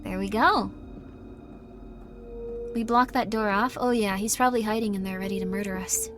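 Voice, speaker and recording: A woman's voice: medium pitch, fairly even intonation, normal speed, over music. Chatty woman streaming a horror game. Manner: chatty, jokey reactions, sudden loud outbursts.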